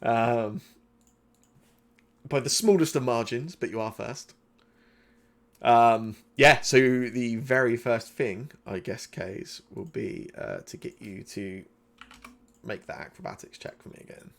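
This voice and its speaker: A male game master narrating a live tabletop session. His voice sits at an ordinary middle pitch, and he talks in loose, rambling runs, often stopping to restart a phrase. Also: slow, gravelly, pauses often. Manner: rambling, filler-heavy narration with frequent restarts.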